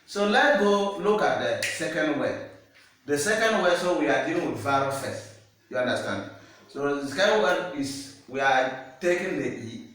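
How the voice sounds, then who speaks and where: A man's voice: a little high, expressive, normal speed, fairly bright tone, slight background noise. A man teaching French pronunciation, speaking patiently and repeating words to check the student understands. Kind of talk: slow classroom-style teaching. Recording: echoey room, distant mic.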